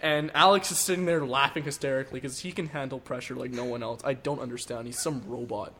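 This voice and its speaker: Fast, bright young man telling a story. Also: mid-range voice, slight background noise. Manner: excitable, acts out quotes, keeps saying "allegedly". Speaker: storyteller in a group chat. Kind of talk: casual chat, animated storytelling.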